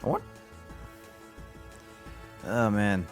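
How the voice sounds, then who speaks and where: A man's voice: lowish voice, lively intonation, extremely slow, faint music behind. A young man streaming a game, chatting casually, laughing often and musing aloud about the game. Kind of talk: casual chat while gaming.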